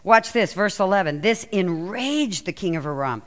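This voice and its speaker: A woman pastor preaching a sermon and reading scripture aloud, telling the story with lively, acted-out quotes. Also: medium pitch, moderate pace. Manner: animated storytelling, acts out quoted lines.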